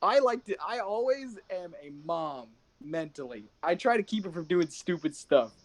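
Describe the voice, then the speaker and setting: A man's voice: high-pitched, expressive, moderate pace. A young man co-hosting a podcast, chatting casually in a teasing, emphatic way. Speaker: podcast co-host. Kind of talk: casual chat.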